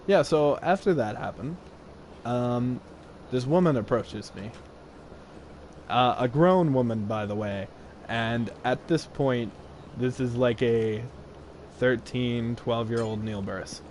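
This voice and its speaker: Young guy laughing thru a story while gaming, slow easy pace, faint noise behind. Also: medium pitch, darkish tone. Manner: laughs often, acts out quoted voices. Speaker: gaming video host.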